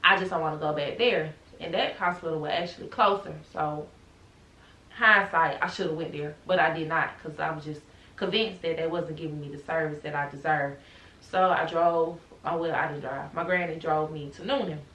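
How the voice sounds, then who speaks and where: A young woman vlogging, retelling a personal story with animated emotion. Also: low-pitched, moderate pace, echoey room, low-quality recording.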